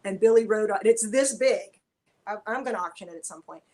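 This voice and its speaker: A woman's voice: mid-range voice, fairly quick, rough recording. Chatty woman on a video call. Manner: chatty, animated, tangents. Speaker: guest.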